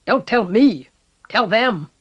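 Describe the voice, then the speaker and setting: Casting: a woman playing a filthy, grieving, rasping male castellan, vicious snarl, audiobook voice. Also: lowish voice, unhurried, highs cut off. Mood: bitter.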